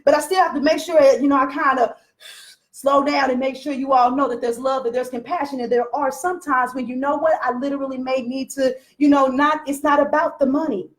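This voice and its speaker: A woman's voice: high voice, steady tone, a little fast. A woman business coach talking straight to her followers in a blunt, profane, preachy rant. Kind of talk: unscripted live rant to followers.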